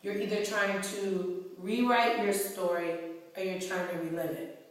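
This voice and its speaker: A woman's voice: mid-range voice, steady tone, a little slow. A woman from New York, an author speaking to her fans, talking bluntly and heatedly with plenty of profanity on a phone camera mic. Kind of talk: blunt personal monologue. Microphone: iPhone camera mic. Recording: echoey hall, far from the mic.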